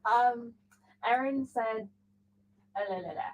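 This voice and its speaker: Soft-spoken woman reading comments. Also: on the high side, slow pace, poor audio. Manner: soft, reads comments aloud off-mic. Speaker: co-host reading listener comments.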